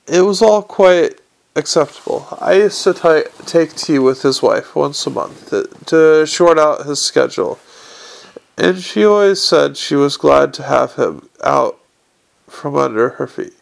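A man's voice: fairly high pitch, expressive, unhurried, creaky, heavily acted. A man voicing a sly, teasing old lady. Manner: dry, teasing, slyly blunt. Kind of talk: audiobook character reading.

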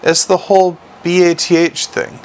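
A man's voice: high voice, little pitch movement, moderate pace, a little hiss or hum, pitched above the performer's own voice, close to an everyday voice. A man voicing a prying, coaxing young vampire policewoman in an audiobook. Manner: probing, coaxing.

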